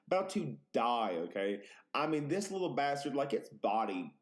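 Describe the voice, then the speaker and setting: A man's voice: medium pitch, normal speed. A man hosting a podcast, telling exaggerated, profane stories in casual chat. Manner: animated, profane, exaggerated storytelling. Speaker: podcast host.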